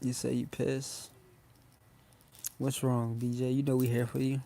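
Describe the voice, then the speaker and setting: A man's voice: medium pitch, monotone, measured pace, creaky, mellow. A young man hosting a casual phone livestream, talking loosely in slang and addressing his viewers again and again. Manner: loose slangy talk, addresses chat often. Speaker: livestream host.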